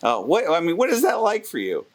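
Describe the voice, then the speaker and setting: A man hosting a casual interview, asking halting, encouraging questions. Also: fairly high pitch, huge pitch swings. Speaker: host.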